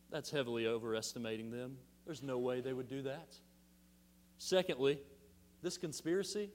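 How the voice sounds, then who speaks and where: A male pastor preaching a sermon with animated delivery, asking the congregation rhetorical questions and leaning on emphatic pauses. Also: high-pitched. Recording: long hall reverb.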